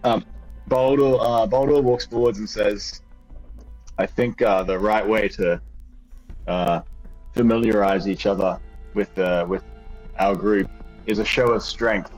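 A man playing a tabletop game, speaking hesitantly with many pauses. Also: lowish voice, fairly even intonation, a little mellow, faint music behind, rough recording. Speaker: player. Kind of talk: tabletop role-play.

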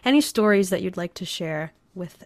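A woman hosting a podcast, softly encouraging and affirming her guest as she asks questions. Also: lowish voice, animated, moderate pace, no room sound. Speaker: podcast host. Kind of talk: casual podcast conversation.

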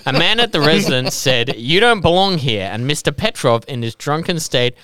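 A man's voice: on the high side, expressive, moderate pace, a bit bright, smooth, dry recording. A man with an Australian accent, a podcast co-host reading out a true-crime story and laughing and joking between lines.

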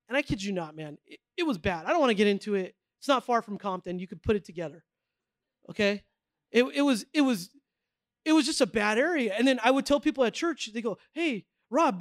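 A man's voice: no room sound, studio quality. A middle-aged man preaching a sermon, telling a personal story in a casual way, full of asides and acted-out quotes. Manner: conversational storytelling with filler words like man and okay; acts out quoted voices with big pitch swings. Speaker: pastor.

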